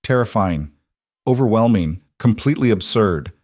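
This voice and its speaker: A man's voice: on the low side, animated, normal speed, darkish tone, no room sound, clean studio sound. A man voicing a young human woman, a former servant, who answers in a guarded, wry way.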